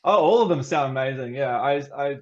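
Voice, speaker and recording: A man's voice: medium pitch, lively intonation, a little fast, muffled recording. A man with a New Zealand accent chatting casually as a podcast guest, laughing often and filling gaps with ums. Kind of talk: casual chat.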